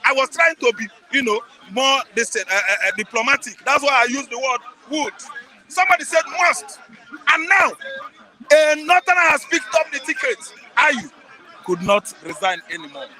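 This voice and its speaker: A man's voice: extremely high pitch, moderate pace, sharp tone, some chatter behind, low-quality recording. A man with a Nigerian accent giving heated political commentary as a guest, emphatic and repetitive, pressing the listener with rhetorical questions.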